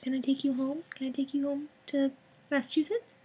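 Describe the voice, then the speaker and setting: A woman cooing baby talk to her pet cat, drifting between a sing-song voice and soft whispers. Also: high-pitched, flat delivery, brisk. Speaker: cat owner.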